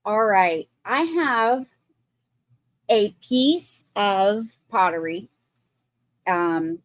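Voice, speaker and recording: A woman's voice: mid-range voice, darkish tone, no room sound. A woman hosting a live online sale, describing a piece of pottery in chatty detail. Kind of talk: live sales presentation.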